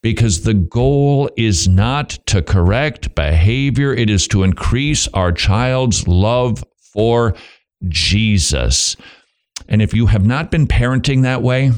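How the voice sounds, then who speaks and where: A man hosting a Christian radio talk show, preaching emphatically with rhetorical questions and quick bursts of speech. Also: lowish voice, animated. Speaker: radio host. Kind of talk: preaching on biblical parenting.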